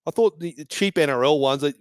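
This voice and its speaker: A man's voice: fairly high pitch, quick pace, dry recording, clean studio sound. A man hosting a fan live stream from a bar, giving casual, sweary match commentary and banter.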